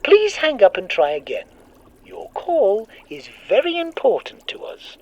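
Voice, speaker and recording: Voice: medium pitch, huge pitch swings, unhurried, darkish tone, highs cut off, pitched above the performer's own voice, exaggerated voice. A storyteller voicing a strange, bubbly automated hotline that recites options formally, sounding far off like a phone. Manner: bubbly, formal, recorded-message tone.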